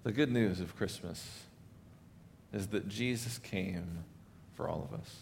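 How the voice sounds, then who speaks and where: Earnest man preaching, low-pitched, swells then softens, sermon delivery. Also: slow pace, gravelly, a little hiss or hum. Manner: earnest, builds up then drops to soft emphasis. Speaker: pastor. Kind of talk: Christmas sermon.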